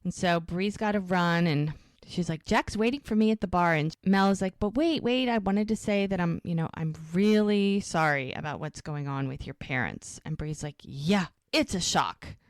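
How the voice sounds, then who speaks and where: A woman co-hosting a TV rewatch podcast, retelling scenes in a lively, chatty way and acting out the characters' lines. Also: fairly low pitch, moderate pace, dry recording. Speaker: podcast co-host. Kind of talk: casual rewatch podcast recap.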